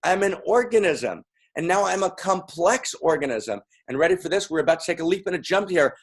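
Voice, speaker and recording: Playful man with a husky voice. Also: high voice, animated, brisk. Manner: playful, repetitive, calling out to the crowd. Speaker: speaker. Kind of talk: lively interactive talk with audience.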